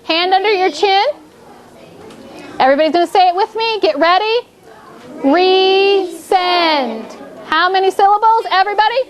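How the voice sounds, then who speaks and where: A woman's voice: extremely high pitch, quick pace, crowd noise. A woman teaching a fourth grade phonics lesson in a classroom, drawing out her prompts and repeating cues as the class thinks.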